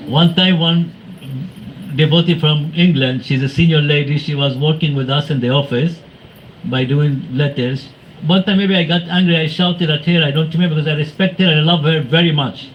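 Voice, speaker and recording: Animated man telling stories to devotees. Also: on the high side, moderate pace, muffled recording, a little hiss or hum. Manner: animated storyteller, acts out quoted voices, laughs often. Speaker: devotee speaker. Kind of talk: storytelling talk to a congregation.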